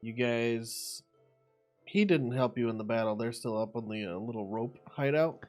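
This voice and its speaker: A man's voice: mid-range voice, normal speed, darkish tone, faint music behind. A man working as dungeon master, explaining rules and narrating the scene. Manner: explains rules and narrates the scene, gets the others back on track. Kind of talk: running a tabletop game.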